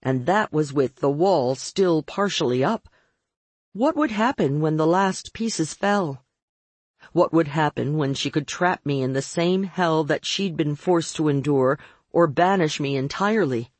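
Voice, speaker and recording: Woman reading an audiobook in first person, wry tone, slightly husky, really dry close mic. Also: low-pitched, expressive, measured pace, darkish tone, dry recording. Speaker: audiobook narrator. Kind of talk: first-person scripted narration.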